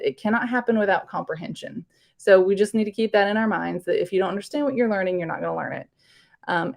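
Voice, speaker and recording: A woman's voice: medium pitch, gravelly, a little mellow. A woman teacher, giving a casual live online workshop in a chatty, rambling way, full of fillers.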